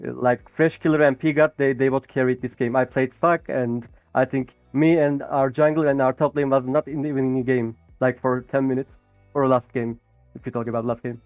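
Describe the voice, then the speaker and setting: A man's voice: medium pitch, level tone, dry recording, soft background music. Hesitant male player on a tinny call line. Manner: halting, hesitant, repeats words. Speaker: pro player being interviewed. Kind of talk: post-game interview.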